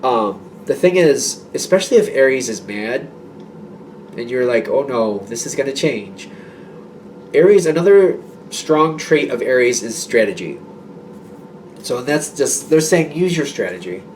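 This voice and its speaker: A man's voice: medium pitch, animated, measured pace, a little mellow, recorded from a distance, slight background noise. A man giving a casual tarot reading to his viewers, rambling and reassuring, with many fillers and restarts. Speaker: tarot reader.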